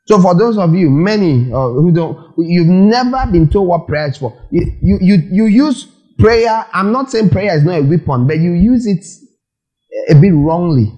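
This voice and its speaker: A man's voice: sits high, moderate pace, highs cut off. Preaching man. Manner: lively preaching with questions and acted-out quotes. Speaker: pastor. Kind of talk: sermon.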